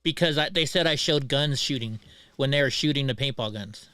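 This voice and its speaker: A man hosting a casual livestream chat, telling animated stories and acting out both sides of his conversations. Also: mid-range voice, a little fast, clean tone, dry recording. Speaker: livestream host.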